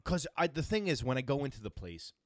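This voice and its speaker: A man's voice: medium pitch, sing-song, fast, dry recording, studio quality. A man hosting a comedy podcast, casual and crude, swearing freely. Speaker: podcast host.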